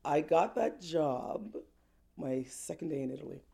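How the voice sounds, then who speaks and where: Animated woman singer telling stories. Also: deep voice, a little slow, gravelly. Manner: lively, laughs often, acts out quotes. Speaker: singer-songwriter guest. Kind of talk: animated personal storytelling.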